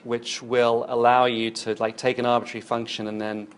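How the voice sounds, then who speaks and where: A man's voice: medium pitch, level tone, normal speed, smooth. A man giving a recorded university lecture, explaining while he demonstrates on screen and thinks aloud.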